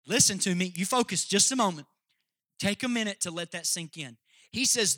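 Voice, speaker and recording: Bright, high-voiced pastor preaching. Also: male voice, lively intonation, moderate pace, no room sound, studio quality. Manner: emphatic, jokey, talks straight to the congregation. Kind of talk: sermon.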